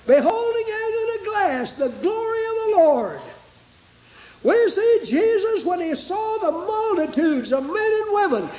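A male preacher delivering a fervent sermon in a strikingly high voice. He speaks slowly and builds through rhythmic repetition into shouts. The recording is roomy and echoing, with a dull, muffled lo-fi tone.

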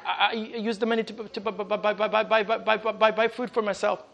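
A man's voice: high voice, little pitch movement, creaky, lo-fi sound. A man playing a meek stuttering street seller. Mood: pleading. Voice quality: heavy stutter, repeating syllables. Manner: hesitant, quiet and halting. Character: stuttering poor street man selling candies.

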